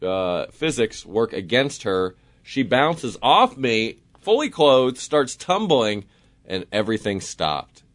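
A man of middle pitch telling a story on air in a dry, close studio sound. He is lively and acts out the other people in his tale, his voice leaping up for their lines. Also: slow, dry recording. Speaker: radio host. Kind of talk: animated casual storytelling.

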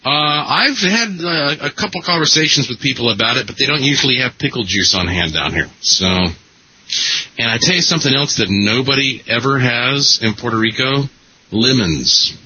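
A man's voice: mid-range voice, expressive, normal speed, pushed and bright, slightly rough. A man hosting a radio show, chatting casually and rambling with laughs and restarts. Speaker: radio host. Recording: muffled broadcast audio.

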